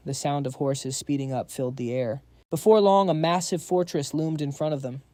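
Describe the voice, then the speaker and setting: A man's voice: a little high, moderate pace, hardly any pauses, mellow, dry recording. A man giving a scripted, casual and slangy narration of a comic story. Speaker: recap narrator.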